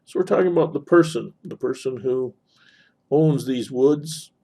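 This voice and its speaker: A man's voice: mid-range voice, normal speed, mellow, slightly rough. A man teaching a literature lesson over a screen recording, explaining as he annotates, with frequent fillers and self-corrections. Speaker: instructor.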